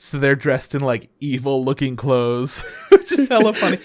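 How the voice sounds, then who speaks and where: A man's voice: mid-range voice, sing-song, normal speed, no room sound. A man co-hosting a podcast, chatting in a laid-back way with casual swearing. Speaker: podcast co-host. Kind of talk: casual chat.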